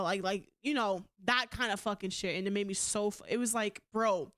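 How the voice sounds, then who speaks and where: A woman's voice: mid-range voice, moderate pace, hardly any pauses, fairly bright tone. A young adult woman streamer in casual chat, blunt and rambling, cussing freely. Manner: blunt and heavy on profanity; rambling with frequent restarts.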